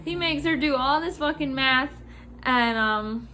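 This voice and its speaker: A young woman telling a casual storytime rant about work, swearing freely, laughing and acting out customers in loud voices. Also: high voice, measured pace, slight background noise. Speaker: vlogger.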